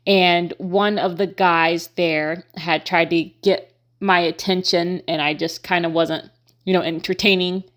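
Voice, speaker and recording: Frank, filler-heavy woman host, lower voice. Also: steady tone, measured pace, fairly bright tone. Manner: conversational, many fillers, frank and pointed. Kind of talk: casual commentary to camera.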